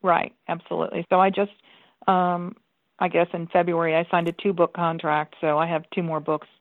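A woman author talks casually as a podcast guest and pauses often with ums. Her voice sits a little low. It comes over a thin, tinny phone-like line with a dry sound. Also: little pitch movement, no echo. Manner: chatty, with many ums. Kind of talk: casual interview chat.

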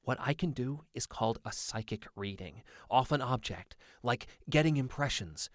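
An excitable, insistent teenage boy, voiced by a man reading an audiobook, pleading and breathless in a pitched-up voice. The recording is dry and close. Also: moderate pace, no echo, close to an everyday voice. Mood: eager insistent. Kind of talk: audiobook character voice.

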